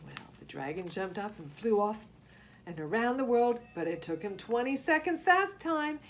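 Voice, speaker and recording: A woman reading a picture book aloud to young children, expressive and asking them questions. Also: medium pitch, moderate pace, slight background noise. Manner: expressive, gasps and asks the listeners questions. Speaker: children's story reader.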